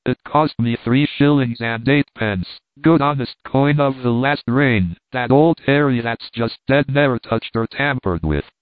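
A man's voice: mid-range voice, measured pace, hardly any pauses, no room sound, natural voice. A man voicing a frightened pleading peasant woman. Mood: indignant. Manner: pleading, breathless exclamations. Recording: tinny phone-like line, dry.

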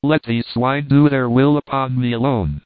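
A man's voice: medium pitch, fairly even intonation, moderate pace, clear, resonant tone, dry recording, close to an everyday voice. A man voicing a proud, dignified boy prince who speaks in a formal, lofty way, with a tinny phone-like sound. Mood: gentle.

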